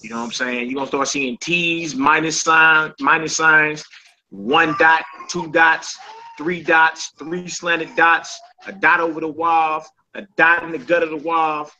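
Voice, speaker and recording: Bright-voiced man teaching a class. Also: a little high, level tone, unhurried, a little hiss or hum, low-quality recording. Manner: informal, repeats "you know what I'm saying".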